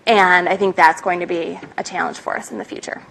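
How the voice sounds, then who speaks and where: A woman's voice: lowish voice, level tone, brisk, gravelly, a bit bright, slight background noise, poor audio. A woman with a Minnesotan accent giving a chatty conference talk, with frequent ums. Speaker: conference panelist. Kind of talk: conference presentation.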